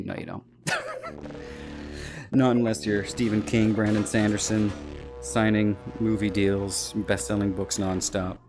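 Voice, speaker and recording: A man's voice: on the low side, wildly swooping pitch, slow, pauses often. A man, an author, rambling and joking in casual commentary while he plays a VR game. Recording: game music behind.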